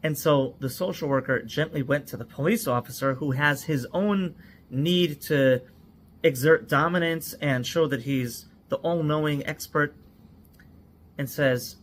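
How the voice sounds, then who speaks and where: A man's voice: mid-range voice, normal speed, a little hiss or hum. A man who trains people in psychological first aid, earnestly telling a cautionary story and stacking his points in lists.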